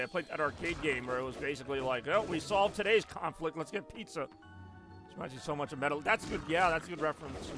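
A man streaming a game live, rambling and joking as he chats with his viewers. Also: a little high. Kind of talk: casual live stream gameplay commentary.

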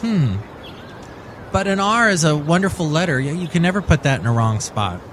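A man's voice: fairly high pitch, expressive, moderate pace, fairly bright tone, slight background noise. A man hosting a zany comedy podcast with playful mock-announcer delivery. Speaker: podcast host. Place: Northern California.

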